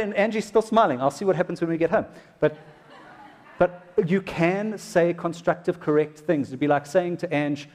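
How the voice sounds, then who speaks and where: A man's voice: a little high, fairly quick, darkish tone. A man preaching a sermon to husbands in a church, joking and exclaiming as he goes. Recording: echoey hall reverb.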